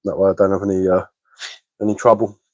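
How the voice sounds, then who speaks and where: A man, a little hoarse from being ill, chatting casually on a livestream and answering comments with lots of hesitant fillers and repeated words. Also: sits low, flat delivery, quick pace, a little mellow, no echo, highs cut off. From England. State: slightly hoarse from illness. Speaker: bushcraft livestreamer.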